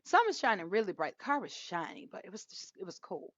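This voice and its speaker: Animated woman telling a story. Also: mid-range voice, quick pace, no room sound. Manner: animated storyteller, laughs often, acts out quoted lines. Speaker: podcast co-host. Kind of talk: casual storytelling chat. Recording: dull lo-fi dry sound.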